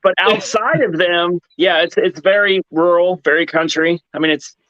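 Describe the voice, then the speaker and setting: A man's voice: high-pitched, normal speed, sharp tone, no echo, highs cut off. A man from Ohio chatting casually on a podcast, joking and laughing often. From Cincinnati, Ohio. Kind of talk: casual chat.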